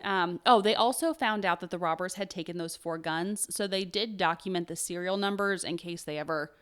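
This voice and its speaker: A woman's voice: lowish voice, brisk. A woman co-hosting a casual true crime podcast, chatty and jokey, with lots of "um" and "like" as she reads quotes and figures from her notes. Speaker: podcast co-host telling a true crime story.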